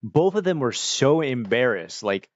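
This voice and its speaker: A man's voice: mid-range voice, very animated, measured pace, highs cut off. Rambling Australian man on a stream. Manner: rambling storytelling full of "like" and restarts. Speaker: livestreamer. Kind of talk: casual chat.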